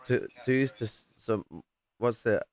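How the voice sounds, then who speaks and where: A man's voice: medium pitch, fairly even intonation, normal speed. A man hosting a live stream, chatting casually in a rambling, sweary, opinionated way. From Yorkshire, England. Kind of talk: casual chat.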